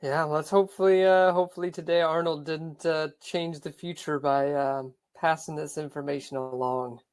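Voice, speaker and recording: A man's voice: on the high side, steady tone, normal speed. Easygoing male podcast co-host. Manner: easygoing, filler-heavy analysis. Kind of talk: casual sports podcast chat.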